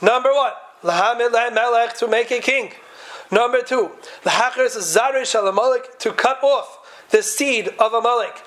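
A man's voice: very high-pitched, normal speed, a bit bright, poor audio. A man giving a Talmudic lecture to a class, posing question after question in a sing-song study cadence. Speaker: Torah teacher.

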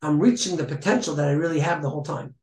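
A humble older rabbi, as a man retells his words, speaking earnestly and reflectively in a slightly high voice. The sound rings around an echoey room. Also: fast, darkish tone, close to an everyday voice.

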